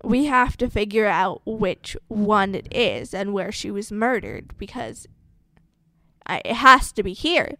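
A woman's voice: mid-range voice, expressive, a little slow, gravelly, sharp tone, dry recording. A woman casually recapping a film plot in a wry, conversational way.

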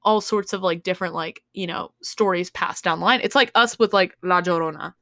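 A woman's voice: lowish voice, fairly quick, sharp tone, dry recording, clean studio sound. A young adult woman co-hosting a podcast in casual chat, rambling and full of "like". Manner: rambling, heavy use of "like". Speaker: podcast co-host.

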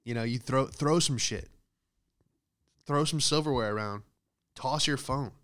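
A young man telling rambling, profane comic stories in a solo monologue, with animated asides. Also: mid-range voice, measured pace. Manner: profane, animated storytelling with loud acted outbursts.

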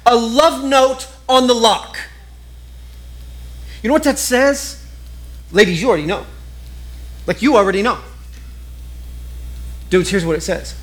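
A man with a high voice, preaching a sermon and talking straight to the congregation. His delivery is lively and conversational, full of quick asides. He sounds middle-aged. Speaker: pastor.

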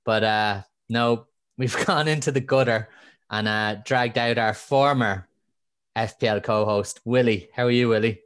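A Kildare Irishman hosting a podcast in a mid-pitched, slightly put-on radio voice. He teases his co-hosts as he leads the chat. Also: a little slow, fairly bright tone, clean tone. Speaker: podcast host.

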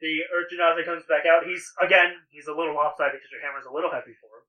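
A man's voice: on the high side, fairly even intonation, rapid-fire, lo-fi sound. A man narrating as game master of a tabletop role-playing game in a casual, laid-back way, with easy fillers. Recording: voice from a distance off the mic.

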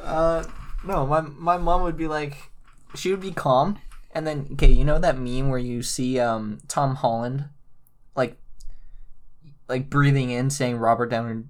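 A teenage man from Alberta, co-hosting a casual podcast, animated, swearing and laughing often. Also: medium pitch, a little slow. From Alberta, Canada. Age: teens. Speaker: podcast co-host. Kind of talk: casual chat. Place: bedroom.

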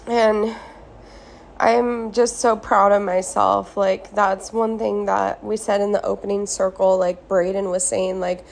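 A mid-range, gravelly voice takes its time, level in tone and pausing often. The woman is hosting a reflective solo podcast recorded on a phone in a hotel room at a beach resort, speaking casually and earnestly with many uses of "like".

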